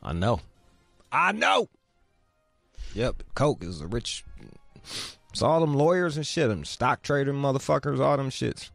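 A man hosting a show, talking in a casual, profane way that rises into loud outrage. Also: mid-range voice, normal speed, creaky, no room sound, faint music behind. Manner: animated, swearing, rising into loud outrage. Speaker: show host.

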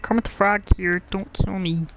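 A man's voice: sits high, steady tone, moderate pace, fairly bright tone, faint music behind, low-quality recording. A man doing a Kermit the Frog impression, a pleading and indignant male frog puppet with a nasal, cartoonish manner.

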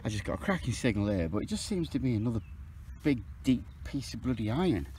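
A man talking casually to camera while metal detecting outdoors in a field, excitable and chatty. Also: fast talker, a little hiss or hum. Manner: chatty, excitable, pitch jumps when surprised. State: out of breath.

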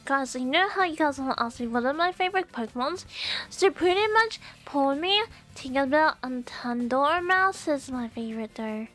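A young woman streaming a video game live, chatting to viewers with excitable gasps and squeals. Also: high-pitched, normal speed, soft background music. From Australia. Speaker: VTuber streamer. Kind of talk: gameplay live stream chat.

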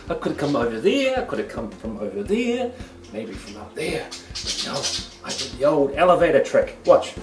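A man's voice: on the high side, huge pitch swings, normal speed, roomy sound. A man with a New Zealand accent hosting a goofy comedic cooking show from his home kitchen, full of playful sing-song exclamations.

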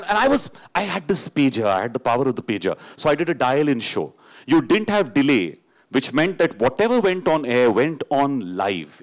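A middle-aged Indian man tells a personal story to a live audience, his English carrying an Indian accent. His delivery swings from animated radio-jockey playfulness to a low, serious hush. His voice sits at an ordinary middle pitch for a man. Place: stage before an audience.

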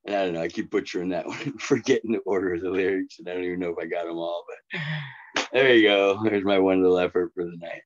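A man's voice: low voice, fast talker. A man at an online open mic reciting his own short poem in a plain, earnest way, joking modestly about his effort. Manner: plain, earnest, self-deprecating between verses. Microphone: video call. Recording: muffled lo-fi video call audio.

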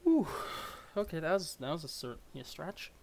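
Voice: medium pitch, wildly swooping pitch, brisk, vocal fry, darkish tone. Rambling, chatty streamer. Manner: rambling, self-deprecating, chatty. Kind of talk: casual live-stream commentary on a webcomic.

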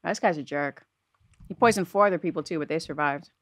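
A woman's voice: deep voice, a little fast, no room sound, studio quality. Woman co-host telling a story. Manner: storytelling, recounting news. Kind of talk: casual podcast chat.

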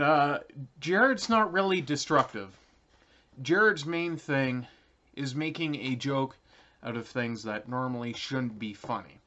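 A man's voice: mid-range voice, sharp tone. A young Canadian man casually explaining something to his viewers, rambling with lots of ums and uhs. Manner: rambling, many ums and uhs, light chuckles. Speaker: channel creator. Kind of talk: casual talking-to-camera explanation. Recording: slightly dull lo-fi recording.

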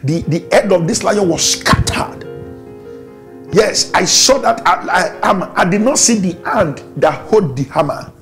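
A man preaching a fervent prayer sermon, shouting repeated declarations and breaking into tongues. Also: sits high, lively intonation, measured pace, vocal fry, soft background music. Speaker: pastor.

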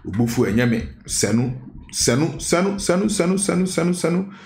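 A man's voice: a little high, sing-song, a little fast, darkish tone, roomy sound, a little hiss or hum. A man with a Ghanaian accent giving chatty, exclamatory entertainment gossip commentary, mixing the local language with pidgin.

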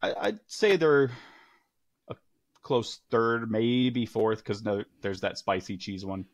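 Male guest, lowish voice, relaxed hesitant speech, dry close mic. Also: slow, dry recording, dull audio. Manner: easygoing, hesitant, many fillers. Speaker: podcast guest, teacher. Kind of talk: casual interview chat.

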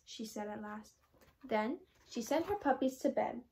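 A teenage girl reading a children's picture book aloud in a clear, expressive way. Her voice sits fairly high, and she paces the story for young listeners. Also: measured pace. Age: teens. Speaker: storybook reader.

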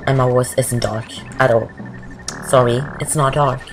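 A woman's voice: rumbling low, steady tone, normal speed, noisy background. A woman giving casual, rambling commentary over a video game walkthrough, often wandering off topic. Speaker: gameplay commentator. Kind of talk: casual Let's Play commentary. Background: game music.

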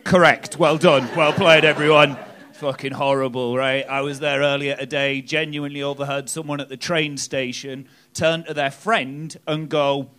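A man's voice: fairly high pitch, level tone, moderate pace, fairly bright tone. A man from northeast England with a Hartlepool accent, doing a cheeky, sweary live stand-up set and tagging jokes with "right?". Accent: northern English, Hartlepool. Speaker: stand-up comedian. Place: comedy club stage.

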